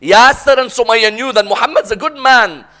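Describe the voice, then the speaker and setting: A man's voice: very high-pitched, normal speed, sharp tone. A man preaching a sermon as a dramatic story, often prompting the audience to respond.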